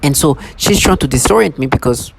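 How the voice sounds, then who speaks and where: A man's voice: a little high, lively intonation, fairly quick, gravelly. A man talking in an agitated, rambling monologue to camera, often restarting his sentences. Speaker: vlogger. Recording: noisy recording.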